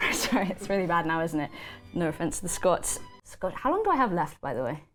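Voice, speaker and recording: A woman's voice: fairly low pitch, sing-song, brisk, a bit bright, faint music behind. A British woman, an actor guest, chatting casually in an interview while she paints, scattered and self-deprecating. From Britain.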